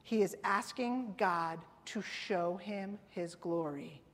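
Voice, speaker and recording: A woman's voice: mid-range voice, takes it slowly. A woman preaching a sermon in a conversational way, often asking the congregation "right?" and "amen?". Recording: long reverb of a hall.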